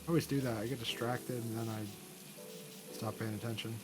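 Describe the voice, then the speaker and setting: A young man narrates his gameplay for his channel in a medium-pitched, fairly even voice at normal speed. The commentary is rambling, relaxed and good-humored, he laughs easily, and game music plays in the background.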